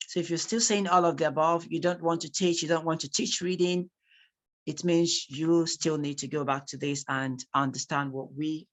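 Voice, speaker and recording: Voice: mid-range voice, a bit bright. Nigerian-accented tutor teaching a live class. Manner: reads chat replies aloud, repeats key points for emphasis. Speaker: speaking tutor.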